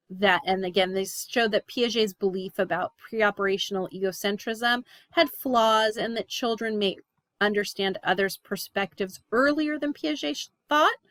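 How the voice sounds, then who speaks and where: Woman lecturer, explanatory, frequent "right?", dry close sound, mid pitch. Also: a bit bright, dry recording. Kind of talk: recorded class lecture.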